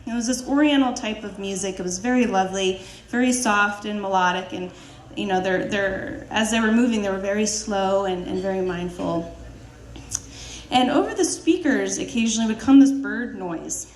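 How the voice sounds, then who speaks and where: A woman's voice: medium pitch, brisk, reverberant. A woman telling a personal story live on stage, laughing often, with many fillers and restarts.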